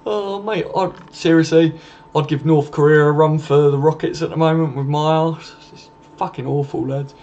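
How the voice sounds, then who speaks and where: A man's voice: a little high, fairly even intonation, moderate pace, a little mellow. A young man hosting a late-night live stream from home, casually reading out and answering viewer comments and swearing freely. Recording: dull lo-fi stream audio with faint noise.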